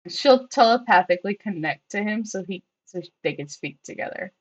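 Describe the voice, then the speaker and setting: A woman's voice: medium pitch, lively intonation, normal speed. A woman playing a tabletop game, joking in a dry, teasing way, on a dull lo-fi recording. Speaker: player. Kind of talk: casual tabletop game chat. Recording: dull lo-fi audio.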